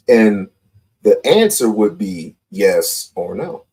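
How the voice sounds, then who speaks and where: A man's voice: fairly low pitch, very animated, slow pace, mellow. A man hosting a live call-in stream, talking confrontationally and repeating his points. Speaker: livestream host.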